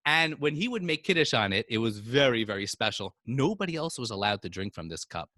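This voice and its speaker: A male teacher telling stories to children, animated and swinging up and down in pitch. He has a mid-range voice. The recording is dry and close to the mic. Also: brisk, no room sound. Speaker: storyteller teacher. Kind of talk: storytelling for children.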